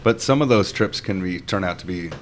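A man's voice: low-pitched, fairly quick, slight background noise. A man hosting a casual podcast who asks questions and chimes in with short, agreeing replies.

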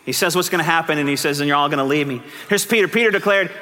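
A man preaching a sermon as pastor, moving from quiet teaching to fervent, almost shouted appeals. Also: on the high side, very fast, hardly any pauses, in a large hall.

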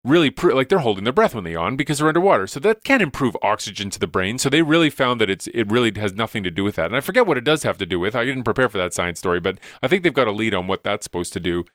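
A man's voice: lowish voice, big pitch swings, rapid-fire, hardly any pauses, a bit bright, dry recording, studio quality. A man, a science educator, explaining studies enthusiastically in a casual podcast chat, with lots of "like"s and restarts.

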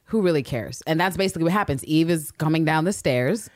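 A woman co-hosting a podcast, casually recapping a TV episode with lots of swearing and quick impressions. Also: low-pitched, no room sound. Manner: profane, animated storytelling with quick impressions. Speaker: podcast co-host.

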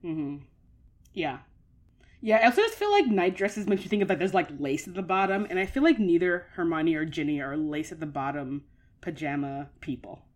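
A woman with a low voice co-hosts a podcast, chatting casually and easily. She talks in a loose, rambling way, leaning on filler words as she thinks aloud. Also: animated, normal speed. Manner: chatty, many filler likes. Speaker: podcast co-host. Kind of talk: casual chat.

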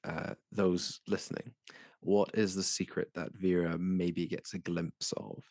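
A man running a tabletop game as game master, narrating scenes in a measured, descriptive way. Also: low-pitched, steady tone, darkish tone, no room sound, clean studio sound.

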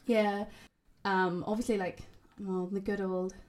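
A woman's voice: medium pitch, flat delivery, measured pace, darkish tone. A young woman, chatting casually on a podcast and telling stories full of "like". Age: 20s. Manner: chatty storyteller, heavy use of "like".

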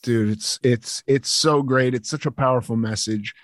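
A man's voice: mid-range voice, normal speed, no echo, studio quality. A man hosting a podcast, talking candidly and casually, swearing and restarting his sentences. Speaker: podcast host.

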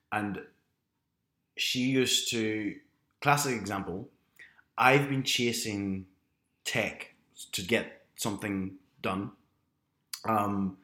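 A man with a somewhat low voice talks casually, offering frank advice and a story from his job, often restarting his sentences. The sound is roomy, with echo around him. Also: a bit bright. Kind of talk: casual chat.

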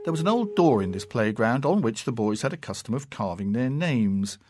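A man reading classic fiction aloud in a measured, unhurried and expressive way. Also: mid-range voice, soft background music. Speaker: narrator.

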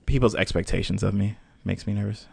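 A young man chatting as a podcast guest, animated and joking, laughing often. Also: on the low side, fairly quick, vocal fry, breathy edge, no echo. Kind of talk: casual interview chat.

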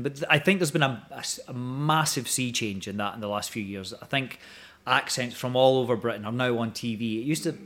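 A Scottish man in his forties chats as a studio guest in a voice of ordinary middle pitch. He rambles and often restarts his sentences. His talk is relaxed and full of small hesitations. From Scotland. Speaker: guest actor. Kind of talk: casual chat.

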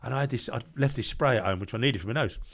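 An older man with a London accent, a guest telling stories briskly and acting out the dialogue. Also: mid-range voice. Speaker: guest, former doorman. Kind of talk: anecdotal storytelling.

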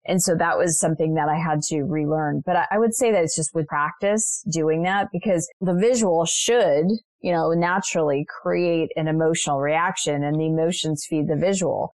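A woman's voice: deep voice, moderate pace, few pauses, darkish tone, no room sound. A woman guest on an interview show, earnestly and reflectively sharing personal stories with frequent asides. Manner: earnest, reflective, lots of "you know" asides. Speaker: guest, transformational leader and spiritual mentor.

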